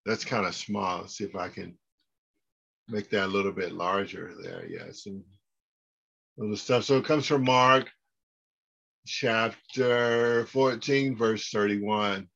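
A male pastor teaching a Bible class in a slow, unhurried way, with a bright, forceful edge to his voice. He circles back over the same verse and has the class say it after him. The recording sounds dull and lo-fi. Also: on the low side, gravelly. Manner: repeats scripture phrases over and over, leads the class in recitation; unhurried, halting delivery with restarts.

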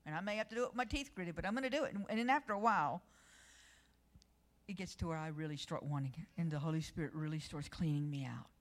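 Woman preaching an animated sermon. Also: sits low, fast talker. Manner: personal stories, lively and emphatic, rising loud when reading scripture.

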